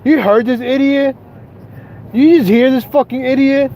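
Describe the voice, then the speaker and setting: A man with a high, mellow voice rants from the driver's seat during a live stream. He curses and mocks with loud scorn, then turns sheepish and apologizes to his viewers. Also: slight background noise. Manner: profane, mocking, quick to rage then apologetic. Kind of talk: ranting live stream commentary. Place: inside a car, driving.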